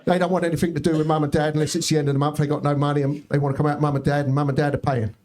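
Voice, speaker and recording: A middle-aged man with a voice on the high side performs a stand-up set in a comedy club. He tells his stories deadpan and throws in quick asides to the crowd.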